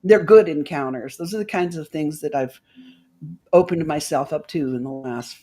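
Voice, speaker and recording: A woman's voice: low-pitched, normal speed, dark tone. A woman guest on a talk show, telling an emotional personal story and acting out the voices of the people in it.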